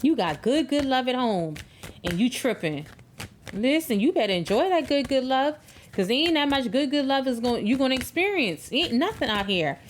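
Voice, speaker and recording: A woman's voice: high-pitched, big pitch swings, moderate pace, slight background noise. A woman giving a tarot love reading in an emphatic, preachy way, repeating words for stress. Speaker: tarot reader.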